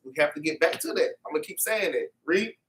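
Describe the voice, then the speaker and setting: A man's voice: fairly high pitch, animated, fast, fairly bright tone, far from the mic, slight background noise. A man teaching an informal Bible class, preachy and repetitive, tagging his lines with "man" and "okay".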